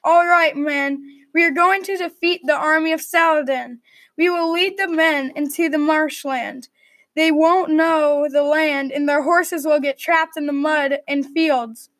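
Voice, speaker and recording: A woman reading the part of a commanding medieval king rallying his troops with a shout. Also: sits high, steady tone, a little slow, no room sound. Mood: rousing.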